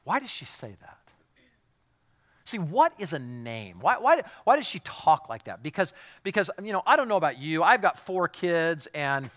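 A middle-aged man, a pastor, preaching a sermon in a lively, joking way and acting out voices of the people he talks about. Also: on the high side, normal speed. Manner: animated, jokey, acts out quoted voices.

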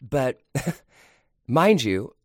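A man's voice: mid-range voice, big pitch swings, very slow, no echo, studio quality. A man hosting a podcast, telling a personal story in a candid, confiding, conversational way. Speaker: podcast host.

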